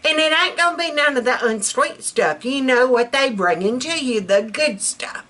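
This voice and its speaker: Cooking in her own kitchen, this Southern-accented South Alabama woman vlogs in casual, folksy chat, addressing viewers as girl and baby. She speaks at a moderate pace in a high, expressive voice with a sharp edge.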